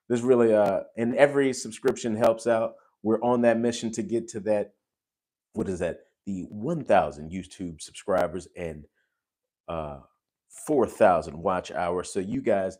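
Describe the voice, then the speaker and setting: A man hosting a casual livestream chat, effusive and gushing, breaking into sudden loud exclamations. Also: on the low side, moderate pace. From United States. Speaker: host.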